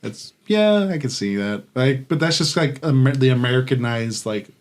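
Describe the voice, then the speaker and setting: A man's voice: medium pitch, expressive, normal speed. A man co-hosting a podcast in casual chat, rambling with lots of fillers and swearing. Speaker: podcast co-host.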